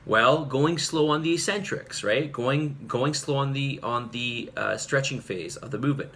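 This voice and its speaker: A man's voice: medium pitch, normal speed, fairly bright tone, slight background noise. A male fitness coach giving an earnest, rambling talk to his group, full of fillers and restarts. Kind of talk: casual talk to camera.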